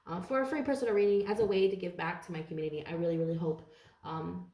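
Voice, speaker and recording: A woman's voice: fairly low pitch, fairly even intonation, fast talker, mellow. A woman giving a casual tarot reading to her viewers, blunt and profane, rambling with lots of fillers. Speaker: tarot reader. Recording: roomy echo.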